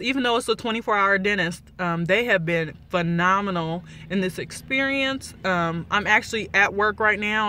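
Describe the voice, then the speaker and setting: A woman giving a chatty, excited vlog update, with a slight lisp from new dentures and many fillers. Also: mid-range voice, no room sound. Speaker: vlogger.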